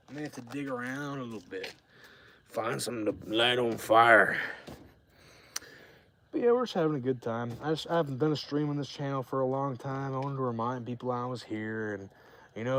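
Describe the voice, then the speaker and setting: A tipsy man streaming live outdoors by a campfire, talking in a rambling, profane, casual way. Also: medium pitch. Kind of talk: casual livestream chat.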